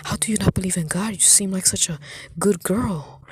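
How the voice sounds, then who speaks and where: A woman's voice: medium pitch, normal speed, slightly rough, no room sound. A woman voicing an insistent young churchgoer with a light put-on accent, pleading and repeating herself. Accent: some foreign accent, unnamed.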